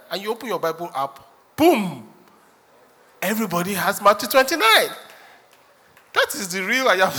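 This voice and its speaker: A pastor preaching to his church in a high, bright voice. He jokes, acts out little dialogues and laughs often. The sound carries a long reverb from a large hall. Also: very animated, normal speed, pauses often. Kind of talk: sermon.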